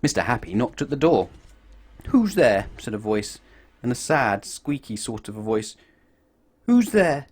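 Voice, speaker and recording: A man reading a picture book aloud to children in an expressive, animated way. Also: on the low side, normal speed. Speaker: children's story reader.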